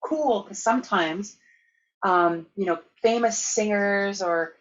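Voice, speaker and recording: A woman from Canada giving a conference keynote, telling lively anecdotes with laughter. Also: medium pitch, slow pace, highs cut off. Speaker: keynote speaker. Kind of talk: storytelling conference talk.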